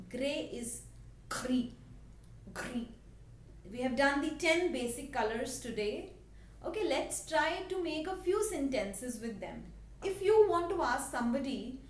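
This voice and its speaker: Slow, patient Indian woman teaching French. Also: sits high. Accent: Indian English. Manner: slow, patient, repeats words for the learner. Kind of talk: language lesson. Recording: echoey room, voice a bit distant, faint background hiss.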